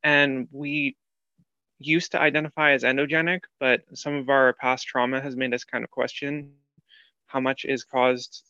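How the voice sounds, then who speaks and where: A man's voice: medium pitch, pushed and bright, clear, resonant tone, no echo. A man from Canada speaking as a panelist, anxious and hesitant, rambling a little as he talks. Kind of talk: panel discussion. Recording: dull lo-fi sound.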